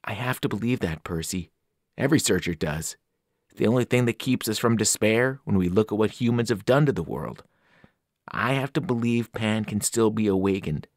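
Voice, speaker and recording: A man's voice: fairly low pitch, normal speed, no echo, studio quality, natural voice. A man voicing an earnest, anxious young male satyr in a storybook reading, raised and pleading. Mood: wistful.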